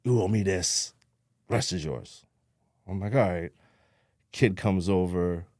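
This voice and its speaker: A podcast guest from New Jersey, speaking with that state's accent, tells his story bluntly in a casual interview. His voice is low and slow with a darkish tone, recorded studio-clean with no echo. Streetwise and blunt, he swears a lot and acts out what people said.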